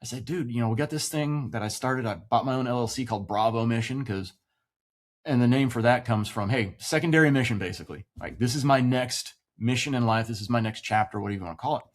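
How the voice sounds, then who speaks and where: An expressive man in his forties, talking casually as a veteran guest on a podcast. He swears freely and acts out the voices of people in his story, with an everyday middle pitch. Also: quick pace. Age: 40s.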